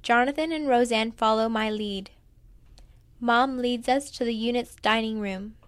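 A woman's voice: a little high, measured pace, no echo. Woman reading a memoir aloud. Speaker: narrator. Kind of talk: first-person memoir reading.

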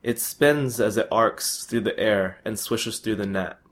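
A man's voice: on the low side, unhurried. A young man reading his own first-person story aloud in a plain, matter-of-fact way.

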